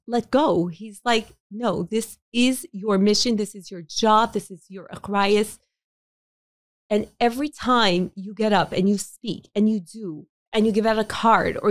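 A woman's voice: mid-range voice, no room sound. Woman guest telling her story, earnest, keeps restarting her words, dry close sound. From Montreal, Canada. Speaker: interview guest, bereaved mother. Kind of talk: emotional personal storytelling.

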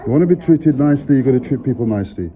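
A man's voice: mid-range voice, lively intonation, racing, warm tone, highs cut off. A man from London with a Cockney accent, arguing bluntly and repeating himself while filming in a public office. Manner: blunt, combative, repetitive. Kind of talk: confrontational street-filming talk.

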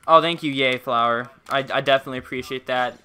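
A man's voice: mid-range voice, fairly even intonation, fast, bright, forceful tone, smooth. A young man streaming a game, chatting casually and playfully, greeting viewers by name. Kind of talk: casual live-stream chat while gaming.

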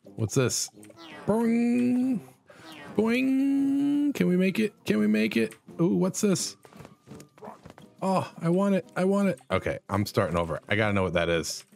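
A man hosting a casual let's play, commenting on a silly game and jumping into high excited yelps. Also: moderate pace. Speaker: gaming channel host.

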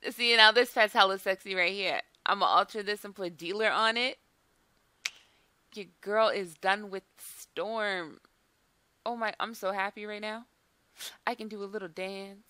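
A young woman hosting a gaming video in casual chat, excitable, swearing and saying "like" a lot. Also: medium pitch, a little slow, clean tone, dry recording. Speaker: gaming channel host.

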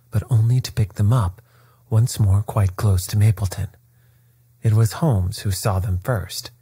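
A man narrating a classic story at bedtime with a soft, steady, soothing delivery. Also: on the low side, breathy edge, no echo.

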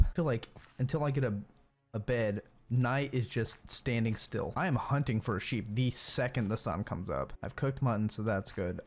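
A man's voice: lowish voice, a little mellow. A man commentating his own gameplay, jumpy and self-mocking, talking to the creatures on screen. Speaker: gaming streamer. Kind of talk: let's play commentary.

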